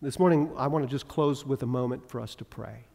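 Pastor preaching in a reverberant hall. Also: male voice, medium pitch, a little fast, creaky. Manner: swings from loud emphatic preaching to quiet intimate prayer. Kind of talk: sermon. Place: church sanctuary. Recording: long reverb of a large hall.

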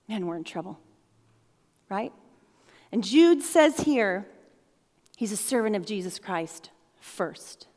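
A woman's voice: mid-range voice, big-room sound. A middle-aged woman pastor giving a sermon in a playful, conversational way, laughing often.

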